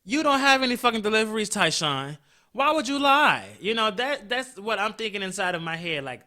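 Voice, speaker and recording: A man hosting a podcast, telling a story in a blunt, profane, animated way. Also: high-pitched, brisk. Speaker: podcast host. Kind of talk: casual storytelling.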